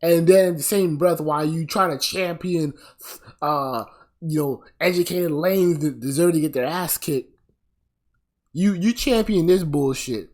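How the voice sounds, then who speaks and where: A man's voice: fairly high pitch, unhurried, a little mellow. A man delivering a blunt, profane commentary rant, sounding exasperated and weary. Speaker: commentary vlogger.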